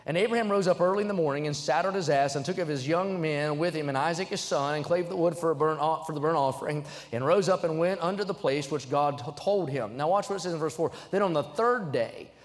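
A young man preaching in a church sanctuary, his fairly high voice carrying a long hall reverb. He drives his points with emphasis and swells into loud, fervent peaks. Between points he reads scripture aloud. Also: fast, hardly any pauses. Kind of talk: sermon.

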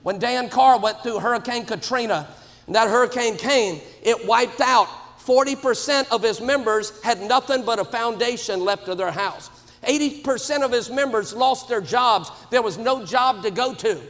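A man delivers a sermon with fervour, punching his points and rising often into shouts. His voice sits very high for a man, and a long hall reverb trails every phrase, as in a large church. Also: moderate pace. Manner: emphatic, swings to shouts. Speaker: preacher.

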